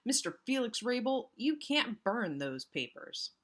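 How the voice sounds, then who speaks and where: A woman's voice: mid-range voice, wildly swooping pitch, moderate pace, sharp tone, husky, voice pushed up, full character voice. A woman voicing a bold young female detective in a storybook reading, speaking urgently.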